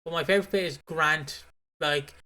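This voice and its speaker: Guy on a podcast, bright forceful voice, rambly, keeps restarting his sentences. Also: on the high side, normal speed. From Britain. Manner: rambling, restarts, laughs at his own retellings. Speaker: podcast co-host. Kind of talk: casual chat.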